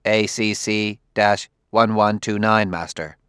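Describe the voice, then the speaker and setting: An obedient service robot that answers in clear, flat tones with no hesitation, as a male narrator puts it on. The voice stays low and dry. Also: takes it slowly, no room sound.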